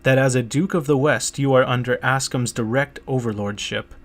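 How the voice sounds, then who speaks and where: A man's voice: mid-range voice, close to an everyday voice. A man reading a guarded, careful prince. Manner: measured, careful. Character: guarded young male prince weighing his claim. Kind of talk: audiobook character reading.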